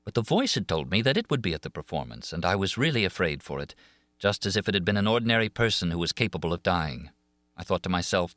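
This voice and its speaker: A man's voice: lowish voice, pushed and bright, no echo, studio quality. A man voicing an earnest, haunted young woman singer. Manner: emotive, rising and falling with feeling. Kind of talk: audiobook reading of a classic novel.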